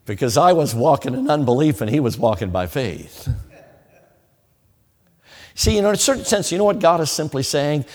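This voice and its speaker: A man's voice: fairly high pitch, very animated, normal speed, long pauses, a little mellow, long reverb tail. A man preaching a sermon, telling a story with folksy humor and talking straight to his listeners. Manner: folksy, humorous, addresses the audience directly.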